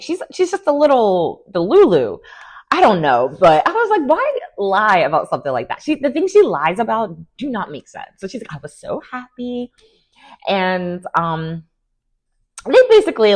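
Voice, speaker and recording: A woman's voice: on the low side, normal speed. Sassy woman recapping reality TV. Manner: animated and sassy, slangy, laughs often. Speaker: TV recap host.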